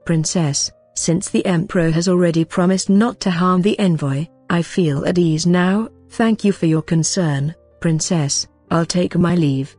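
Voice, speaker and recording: A woman's voice: fairly low pitch, a little slow, few pauses, warm tone, no room sound. A woman voicing an aloof young hostage prince who speaks coolly and curtly. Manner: cool, curt. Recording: faint music behind.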